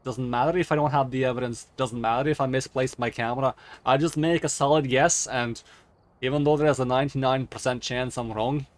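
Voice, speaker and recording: A man's voice: medium pitch, fairly even intonation, fairly quick, natural voice. A man putting on an accent to play a boastful, cursing male ghost hunter during a gaming stream. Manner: boastful, profane and loud.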